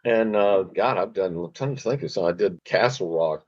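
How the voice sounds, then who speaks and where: A man, an actor, telling relaxed self-deprecating stories from his career in a casual interview. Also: low voice, normal speed, noisy background. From Richmond. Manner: relaxed, self-deprecating, slips into other languages. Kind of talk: casual anecdotal storytelling. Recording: dull lo-fi podcast audio.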